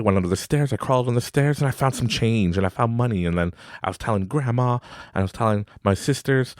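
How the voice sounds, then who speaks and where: A man in his thirties from Canada, hosting a podcast and telling a family story in a casual, animated way, giggling and acting out his son in a high voice. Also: fairly quick, no room sound, clean studio sound. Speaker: podcast host.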